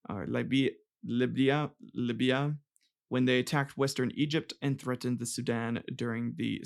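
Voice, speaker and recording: A man's voice: mid-range voice, gravelly, a bit bright. A man hosting a casual comedic history podcast, rambling and joking, swearing and tripping over names. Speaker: podcast host.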